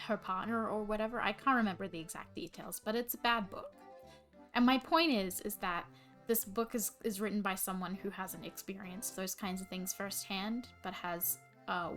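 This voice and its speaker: A young woman chats loosely on a live stream, circling back and restarting her sentences. Her voice sits at an ordinary middle pitch over a desk mic. Soft music plays faintly behind her. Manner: rambling, filler-heavy with many restarts. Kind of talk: casual chat.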